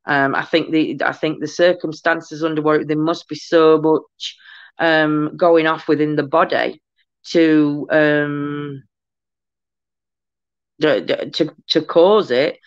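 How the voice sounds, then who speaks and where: A woman's voice: deep voice, steady tone, slow pace, no echo, lo-fi sound. A woman in casual chat on a paranormal discussion show, talking hesitantly with many ums and repeated starts.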